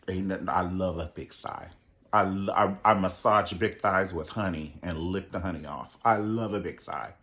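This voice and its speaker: A man's voice: deep voice, unhurried, pushed and bright. A man giving a sassy, theatrical solo recap of a reality show, acting out quotes with big jumps in his voice. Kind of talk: animated solo commentary.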